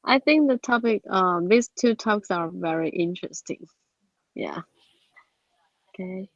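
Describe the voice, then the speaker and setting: Female teacher running the class, brisk prompts, slightly muffled dry sound. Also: lowish voice, expressive, no echo. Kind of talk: moderating a class.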